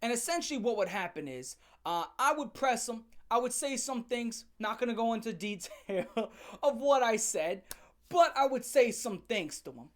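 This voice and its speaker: A woman's voice: a little high, normal speed. Sarcastic, foul-mouthed woman ranting. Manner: profane, sarcastic, animated. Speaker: channel host. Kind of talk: comedic storytelling rant.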